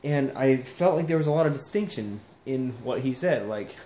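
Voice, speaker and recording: A young man talks through a casual vlog, wandering and reflective, full of likes and ums. His voice sits at an ordinary middle pitch. The room around him is echoey with a faint hiss. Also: animated, normal speed, warm tone. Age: young adult. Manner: rambling, filler-heavy, reflective. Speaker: vlogger.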